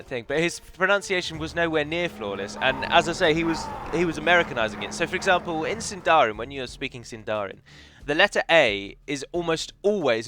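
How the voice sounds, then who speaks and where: Rambling over a strategy game, a let's player who also mods games offers casual commentary and strong opinions on how words should be pronounced. His pitch sits fairly high, and his sound is pushed and bright.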